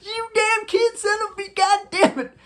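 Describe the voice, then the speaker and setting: A man's voice: monotone, takes it slowly, full character voice. A man doing a furious cursing driver. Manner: shouting curses in a high strained voice. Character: furious cursing male driver, middle-aged.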